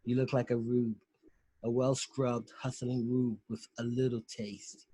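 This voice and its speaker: A man reading the lines of a cultured, menacing male psychiatrist killer in a slow, taunting way over a video call. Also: mid-range voice, flat delivery, dark tone, breathy edge, no room sound, low-quality recording.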